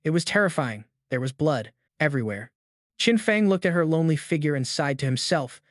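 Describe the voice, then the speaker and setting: Male narrator, steady scripted recap reading, dry sound. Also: a little high, brisk, no echo.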